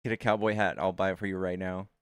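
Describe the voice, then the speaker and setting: A man hosting a livestream, chatting casually with his viewers in quick asides and calling them "dude" and "guys". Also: low voice, little pitch movement, clean tone, no room sound. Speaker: livestream host. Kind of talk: casual chat with callers and chat.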